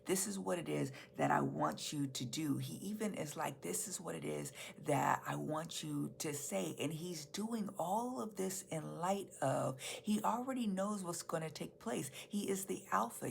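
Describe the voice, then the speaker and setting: A woman's voice: fairly low pitch, gravelly, slight background noise. A woman pastor preaching a sermon to her church in an earnest, emphatic way, repeating key phrases.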